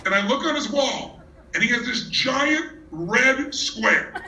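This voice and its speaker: A man giving a motivational talk on stage to a live audience, telling stories in an energetic, emphatic way. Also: extremely high pitch, slow pace, noisy background. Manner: energetic storyteller, teasing and emphatic. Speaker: motivational speaker. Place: large hall with a live audience. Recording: echoey hall from far off.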